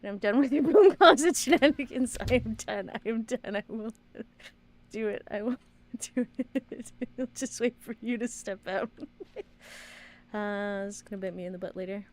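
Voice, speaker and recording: Female streamer with excitable, giggly game commentary at a mid-range pitch. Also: moderate pace, long pauses.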